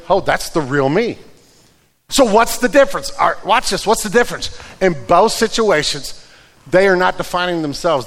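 A man preaching a sermon who drops to a hushed voice and then builds back up loud, repeating words as he restarts. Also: on the high side. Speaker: pastor. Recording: reverberant hall.

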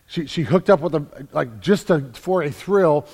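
A man preaching a sermon as pastor, building from quiet earnest talk to loud emphatic calls. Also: fairly high pitch, expressive, a little slow, breathy edge. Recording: long hall reverb.

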